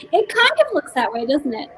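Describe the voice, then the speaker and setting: Rambling high-voiced woman on a video call. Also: fairly bright tone, rough recording. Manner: rambling, laughs often, many restarts. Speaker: book chat co-host. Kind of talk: casual video chat. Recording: faint background noise.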